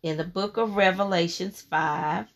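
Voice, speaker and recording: A woman preaching a sermon, fervent and emphatic, repeating key phrases and reading scripture in a slow, measured cadence. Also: fairly low pitch, steady tone.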